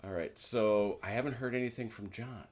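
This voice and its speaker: A man's voice: fairly low pitch, normal speed. A man hosting a board wargame session in casual chat, thinking aloud and correcting himself as he goes. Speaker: game host running the board game session.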